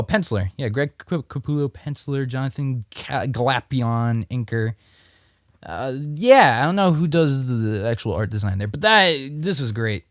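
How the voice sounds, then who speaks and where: A man's voice: mid-range voice, dry recording, studio quality. Rambling, joking young man reviewing comics. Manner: rambling, joking, crude asides. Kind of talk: casual vlog review.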